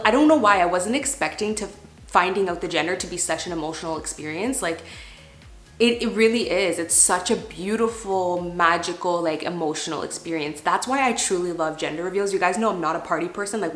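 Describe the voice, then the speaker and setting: A woman's voice: lowish voice, fast talker, fairly bright tone, echoey room, faint music behind. A young woman vlogging from her floor at home, talking in a gushing, emotional way with many "like" fillers. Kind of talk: casual vlog chat.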